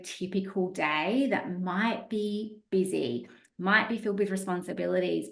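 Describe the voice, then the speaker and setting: A woman's voice: mid-range voice, vocal fry. Woman host in an echoey room. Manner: affirming and thoughtful, summing up points. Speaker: podcast host. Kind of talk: conversational podcast interview.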